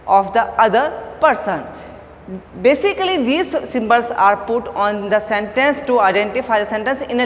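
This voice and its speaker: A woman giving an online phonetics lecture, slow and repetitive, stressing key words. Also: on the high side. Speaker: teacher. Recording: long echo, faint background noise.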